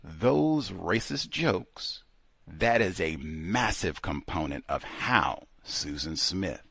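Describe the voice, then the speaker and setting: A man hosting a talk show, interrupting his guest and pressing his questions with slow, emphatic delivery. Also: low-pitched, lively intonation, vocal fry, a bit bright, no echo. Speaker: radio show host.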